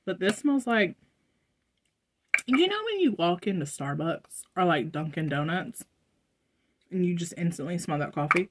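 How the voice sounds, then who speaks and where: A woman's voice: on the low side, lively intonation, unhurried, pauses often. A young American woman, a vlogger chatting casually to her viewers, rambling with fillers and asides. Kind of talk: casual haul vlog. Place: indoors at home.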